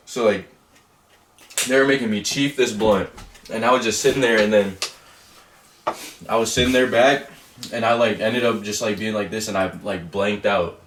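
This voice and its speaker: A young man with a low voice rambles through an animated story. The room echoes around him. The mic sits some distance away. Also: normal speed, pauses often, a little hiss or hum. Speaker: co-host. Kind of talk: casual storytelling chat. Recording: roomy echo, mic at a distance.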